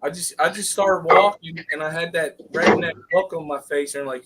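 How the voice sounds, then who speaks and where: A man's voice: on the high side, moderate pace, few pauses, background noise. A man, hosting a casual group chat and telling joking, folksy stories. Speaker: show host.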